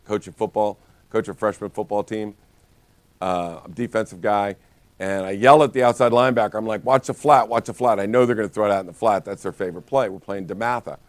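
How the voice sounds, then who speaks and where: Brief: man, lower voice, energetic storyteller leading a sales training talk, dry close sound. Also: fast talker, dry recording. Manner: energetic storytelling with many restarts. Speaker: real estate brokerage trainer.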